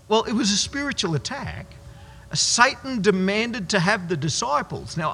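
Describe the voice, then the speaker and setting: A male pastor delivering a sermon, emphatic and drawing out the words that matter. His voice sits high and moves a lot. The church hall around him carries a long reverb. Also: a bit bright, husky. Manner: emphatic, slowing right down on key words.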